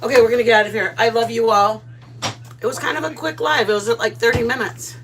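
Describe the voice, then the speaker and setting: A woman's voice: fairly high pitch, fairly even intonation, quick pace, music in the background. A woman hosting a casual live cooking stream, gushing and chatty as she talks to viewers. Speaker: channel host.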